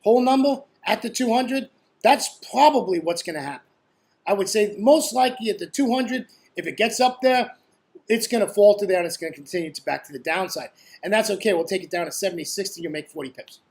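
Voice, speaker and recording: Trading tutor, male, high-pitched, talks loosely and jokes, says "right?" constantly. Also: expressive, brisk, darkish tone. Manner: chatty, constantly asks "right?"; blunt and joking. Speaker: forex trading educator. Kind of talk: casual screen-share trading commentary.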